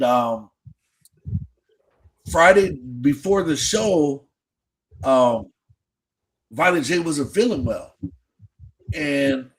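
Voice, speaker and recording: A man's voice: on the high side, rough recording. A man hosting a podcast and telling a long, casual story in slangy, profane speech, with many restarts. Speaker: podcast host.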